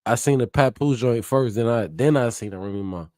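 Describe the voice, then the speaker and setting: A man's voice: medium pitch, fairly quick, darkish tone, no echo, clean studio sound. A man hosting a live reaction stream, chatty and hyped, often laughing and swearing freely. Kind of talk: casual live reaction commentary.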